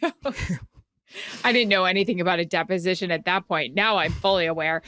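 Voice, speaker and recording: A woman with a bright, forceful voice chats on a podcast. She tells stories loosely, with many fillers, and the recording is dry and close. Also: lowish voice, a little fast, no room sound. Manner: chatty, storytelling with frequent "like". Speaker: podcast co-host. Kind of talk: casual chat.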